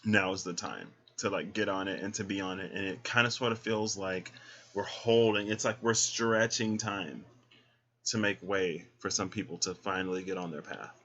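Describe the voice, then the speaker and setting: Man, tarot reader, sassy and chatty, bright, forceful voice, muffled lo-fi audio. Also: sits low, moderate pace. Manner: sassy, chatty, talks to the listener as "girl". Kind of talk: casual tarot reading talk. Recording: dull lo-fi sound.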